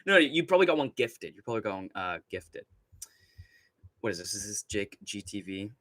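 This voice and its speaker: Ranting and rambling on a casual livestream, a young adult man swears nonstop and laughs a lot as he reads chat. His lowish voice is very animated and fairly bright, delivered fairly quickly with no room sound.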